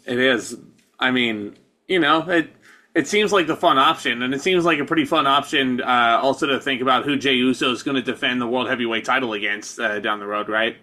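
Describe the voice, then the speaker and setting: A man's voice: mid-range voice, fairly quick, sharp tone. A man co-hosting a casual wrestling review podcast, easygoing and hedging with casual swearing. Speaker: podcast co-host.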